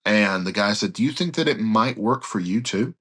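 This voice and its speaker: Deep-voiced male pastor telling stories. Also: normal speed. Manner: animated anecdote-telling, acts out quoted dialogue. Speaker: pastor and evangelist guest. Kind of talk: storytelling in a podcast interview.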